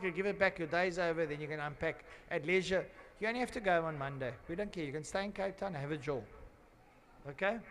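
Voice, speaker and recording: A man speaks fast in a high-leaning voice while commentating live beside an outdoor race track. After joking and rambling, he turns to loud announcing for the grid, with slight hiss or hum in the background.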